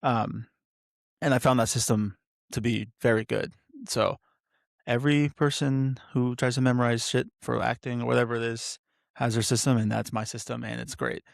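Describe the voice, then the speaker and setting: A man's voice: medium pitch, steady tone, moderate pace, vocal fry, no echo, studio quality. A young man hosting a solo podcast, rambling and interrupting himself with lots of fillers. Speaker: podcast host.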